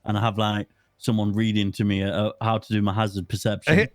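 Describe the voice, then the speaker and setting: A man's voice: on the low side, level tone, dry recording, clean studio sound, faint music behind. A man chatting casually and teasing others on a game stream. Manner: joking, teasing, quick interruptions. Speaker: streamer playing a roleplay sheriff.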